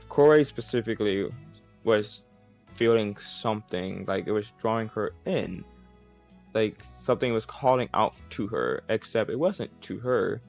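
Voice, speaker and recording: A man's voice: fairly low pitch, creaky, dull audio. A man giving a casual, rambling recap of a tabletop game session, full of fillers and swearing. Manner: rambling, profane, lots of fillers.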